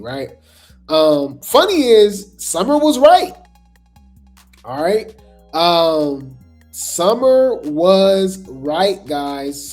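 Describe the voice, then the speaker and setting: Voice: medium pitch, darkish tone. A host giving casual commentary, rambling with lots of fillers, repeated words and chatty asides to viewers.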